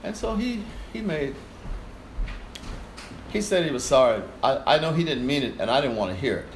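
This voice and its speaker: An older man recalls a story as an interview guest, animated and acting out the voices as he goes. His pitch rises and falls freely. The room around him is echoey, with a faint hiss. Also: moderate pace. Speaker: guest performer. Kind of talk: storytelling in conversation.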